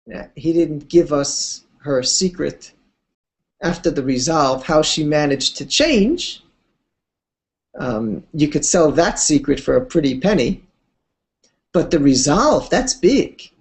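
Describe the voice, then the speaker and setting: In this Torah class lecture, the female teacher tells stories at a relaxed pace. Her delivery is chatty, her pitch rises and falls expressively, and she drops in offhand asides.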